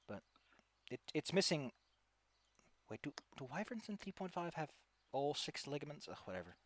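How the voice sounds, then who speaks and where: A man's voice: a little high, dry recording. A man narrating as game master in a tabletop game, talking loosely with lots of filler words.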